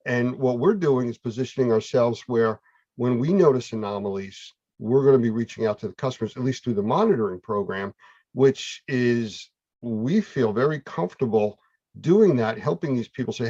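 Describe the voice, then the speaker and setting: A man's voice: mid-range voice, lively intonation, a little fast, dark tone, no echo, dull audio. A man hosting a casual chat, talking in a conversational, explanatory way. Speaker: host.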